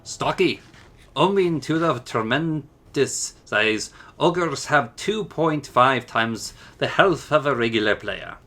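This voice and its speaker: A man's voice: a little high, bright, forceful tone, full character voice. A man reading out ogre lore in a put-on Scottish accent, declaiming it in a hammy storybook way.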